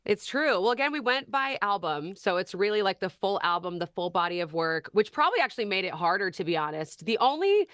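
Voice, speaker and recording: An upbeat woman speaks as a talk show guest, full of chatty enthusiasm as she explains her picks. Her voice sits at an ordinary middle pitch. The sound is close and dry, with no room echo. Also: big pitch swings, a little fast, few pauses, a bit bright. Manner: enthusiastic, conversational. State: slightly parched. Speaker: radio host, guest.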